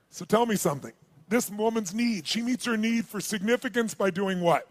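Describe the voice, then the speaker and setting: Male seminar speaker, higher register, animated storyteller who works the room. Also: brisk. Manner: animated storyteller, calls out questions to the crowd. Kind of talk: live seminar talk with storytelling.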